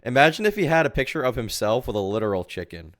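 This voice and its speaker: A man streaming a reaction to a video, talking casually, loudly and profanely, laughing often and repeating himself. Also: medium pitch, sing-song, fast, no echo, clean studio sound. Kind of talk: casual live reaction chat.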